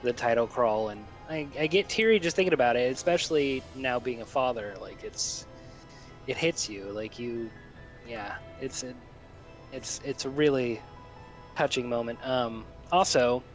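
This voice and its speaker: A man who is a father, talking casually about a film in a thoughtful, halting way. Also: medium pitch, faint music behind, poor audio. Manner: thoughtful, halting, many restarts. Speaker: guest co-host.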